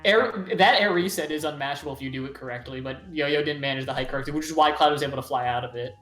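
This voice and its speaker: A man's voice: fairly high pitch, fast talker, fairly bright tone, reverberant, soft background music. A man casually commentating a fighting game tournament, rambling with lots of fillers.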